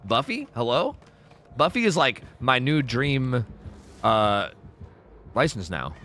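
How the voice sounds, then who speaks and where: This man has a medium-pitched, fairly bright voice that swings widely in pitch, and he talks slowly. He's streaming a game live, rambling, chatting, and swearing casually while answering viewers' questions from the chat.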